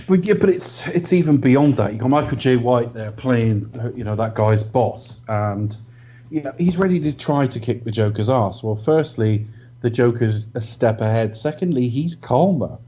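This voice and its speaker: Measured man reviewing films, dark tone. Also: medium pitch, expressive. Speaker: podcast co-host. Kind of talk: casual film review chat. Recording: dull lo-fi audio.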